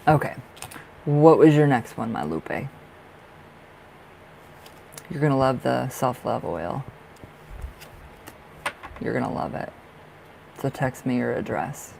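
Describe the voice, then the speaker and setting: A man's voice: mid-range voice, animated, slow, gravelly, pauses often, darkish tone, slight background noise, rough recording. A man giving a live-streamed tarot reading, talking in a rambling, emphatic way with many fillers and blunt, salty language. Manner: blunt, swears freely. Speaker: tarot reader.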